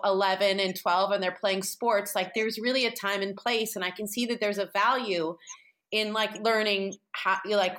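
A woman in her forties from San Francisco with a slightly high voice tells a personal story as a podcast guest. She rambles openly, full of fillers and restarts, and her voice gets emotional at points. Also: a bit bright. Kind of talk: candid conversational storytelling.

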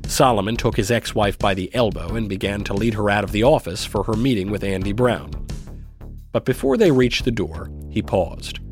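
Low-voiced man narrating a sardonic drama. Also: soft background music. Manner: measured, sardonic, self-mocking. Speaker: narrator and reader. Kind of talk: scripted first-person dramatic narration.

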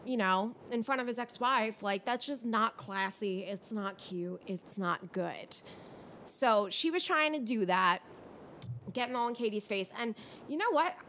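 Podcast host, young woman, slightly high voice, fired-up casual rant, faint low rumble underneath. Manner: ranting, animated, frustrated. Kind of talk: casual reality TV recap.

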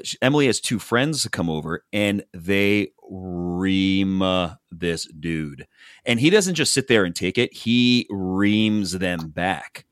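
Low-voiced man animatedly recapping reality TV. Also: dry recording, studio quality. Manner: animated storytelling, acts out quotes from the show. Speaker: podcast host recapping reality TV. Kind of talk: casual chat.

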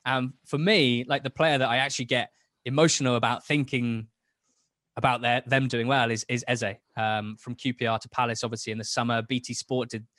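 The young football podcast guest talks fairly quickly in a medium-pitched, fairly bright voice, though his delivery is flat. Recorded in studio quality with no room sound, he chats enthusiastically and keeps restarting his thoughts.

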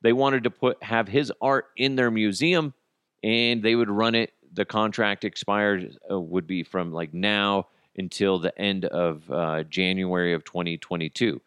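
Deep-voiced guy ranting on his podcast, goofy and self-mocking, dry close mic. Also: clear, resonant tone, no echo. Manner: animated, self-mocking, jumps into quick impressions. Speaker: podcast host. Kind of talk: solo comedic podcast rant.

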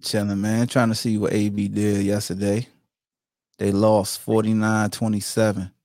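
A man's voice: fairly low pitch, normal speed, no room sound, studio quality. A man hosting a podcast, talking sports loosely and playfully, teasing rival fans. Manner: animated trash talk, playful and loose. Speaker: podcast host. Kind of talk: casual sports talk.

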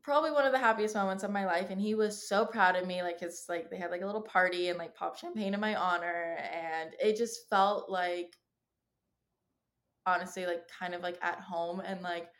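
A woman in her twenties with a somewhat low voice talks through her own stories as a podcast guest. She speaks casually and candidly, acting out what people said to her, and swears freely. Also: fairly even intonation, moderate pace, fairly bright tone. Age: 20s. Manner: candid storytelling, acts out quoted dialogue, swears freely. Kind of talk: casual chat.

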